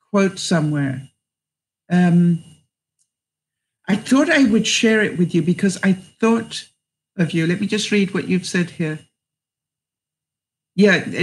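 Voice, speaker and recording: A middle-aged woman vlogger on a live stream, reading viewers' comments aloud and giving them chatty life advice by name. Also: medium pitch. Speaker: vlogger answering live chat.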